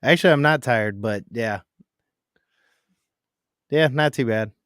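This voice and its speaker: A man's voice: medium pitch, measured pace, fairly bright tone, clear, resonant tone, dry recording, studio quality. A man co-hosting a casual podcast, laid-back and agreeable, mostly giving short replies. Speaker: podcast co-host.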